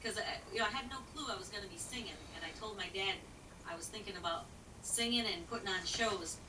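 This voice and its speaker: A woman's voice: medium pitch, fast talker, echoey room, recorded from a distance, noisy background. A woman who is a singer, talking in a folksy, plain-spoken way with many fillers while being interviewed. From rural country. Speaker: singer and guest. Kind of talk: casual interview answers.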